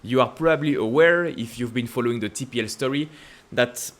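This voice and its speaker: A man with a French accent hosting casual stock-market commentary, asking emphatic rhetorical questions and jumping up in pitch to stress points. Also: a little fast. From France. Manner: emphatic, repetitive rhetorical questions with sudden upward pitch leaps. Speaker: investing channel host.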